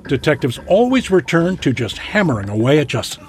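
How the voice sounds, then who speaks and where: A man narrating a true-crime news story with a dramatic, measured delivery. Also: on the high side, very animated, a little mellow, soft background music.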